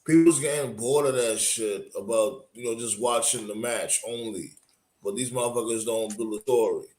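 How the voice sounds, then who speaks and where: A man's voice: medium pitch, moderate pace, darkish tone, roomy sound, poor audio. A man co-hosting a casual chat show, talking with coarse slang and many ums. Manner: coarse slang, filler-heavy. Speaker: podcast co-host.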